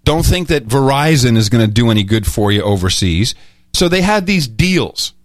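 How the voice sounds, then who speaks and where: A middle-aged man co-hosting a casual podcast, telling stories in a rambling, animated way. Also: mid-range voice, moderate pace, no echo. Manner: rambling, animated storytelling, with many restarts. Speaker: podcast host. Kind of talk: casual chat.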